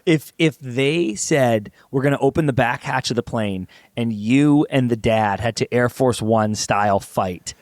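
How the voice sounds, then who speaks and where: A man's voice: medium pitch, measured pace, hardly any pauses, no room sound, clean studio sound. A young man co-hosting a casual comedy podcast, building absurd scenarios and laughing along. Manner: spins absurd hypotheticals, laughs often. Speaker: podcast co-host.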